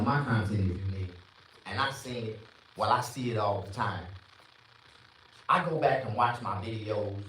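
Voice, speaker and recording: A man doing a profane, rambling stand-up rant, jumping from shouted bursts to low mutters. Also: far from the mic. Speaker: stand-up comedian. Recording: echoey room, voice off-mic.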